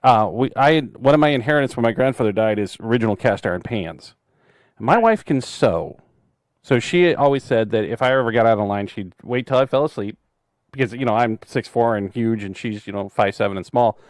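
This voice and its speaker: A middle-aged man co-hosting a casual podcast, telling jokey stories and sometimes bursting into loud yells. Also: mid-range voice, animated, fairly quick, no echo, clean studio sound. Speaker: podcast co-host, author. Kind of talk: casual chat.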